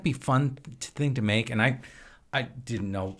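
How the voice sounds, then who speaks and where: A man from Wisconsin, a filmmaker and actor, chatting as a podcast guest in a relaxed, rambling storytelling way. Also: medium pitch, measured pace. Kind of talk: casual conversation.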